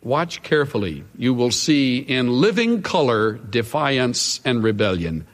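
A man preaching with an expressive voice that rises high and swoops low. He speaks slowly and deliberately, leaning hard on key words with dramatic pauses, and his voice rings in a long hall reverb. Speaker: radio Bible teacher. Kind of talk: sermon.

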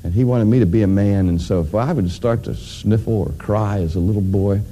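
Deep, dark-voiced male preacher. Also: brisk, slight background noise. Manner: dramatic preaching, building to loud emphatic climaxes; addresses audience directly with questions. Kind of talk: sermon.

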